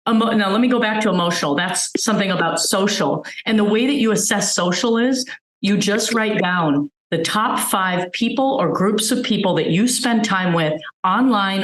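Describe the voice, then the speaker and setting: A woman's voice: medium pitch, expressive, normal speed, echoey room, rough recording. A woman physician giving a webinar talk, earnestly explaining with everyday examples over a video call. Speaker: physician guest speaker.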